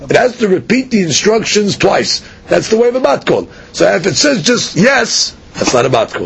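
A man teaches a daily Talmud class with Sephardic Hebrew pronunciation, explaining Aramaic phrases line by line with frequent fillers and repeats. He's very animated, at normal speed, with a slightly bright, breathy voice. The audio is dull, lo-fi podcast sound with a faint rumble.

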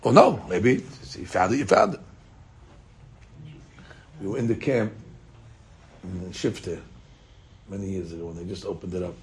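A man teaching a daily Talmud class, an animated storyteller who mixes Hebrew and Aramaic into his English. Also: low voice, slight background noise.

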